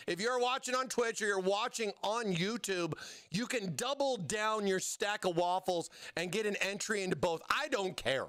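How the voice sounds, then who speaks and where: A man's voice: sits high, bright, forceful tone, smooth, dry recording. A man hosting a casual livestream giveaway, hyped and slangy, calling viewers "baby" and "bro.". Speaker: livestream host.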